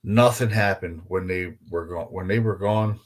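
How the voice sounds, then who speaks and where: A man's voice: low-pitched, normal speed. A man, a guest paranormal investigator, telling a story in a rambling way, swearing often and filling gaps with "you know" and "man". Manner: rambling, profanity-laced, heavy on fillers like "you know" and "man". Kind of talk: casual storytelling chat.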